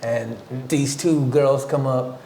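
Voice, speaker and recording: A man's voice: mid-range voice, steady tone, takes it slowly, creaky, warm tone, roomy sound, slight background noise. A man co-hosting a podcast in casual banter, blunt and teasing, telling stories. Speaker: podcast co-host.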